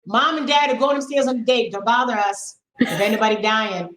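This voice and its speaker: A middle-aged woman speaking as a podcast guest and sex educator, frank and animated, coaching listeners with a string of rhetorical questions. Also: on the high side, brisk, reverberant, a little hiss or hum, low-quality recording. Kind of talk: podcast conversation.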